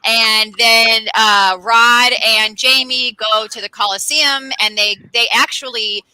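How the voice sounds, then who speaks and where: Bright-voiced woman improvising comic stories. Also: a little high, takes it slowly, smooth, poor audio. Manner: rambling, animated and crude. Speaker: comedian contestant.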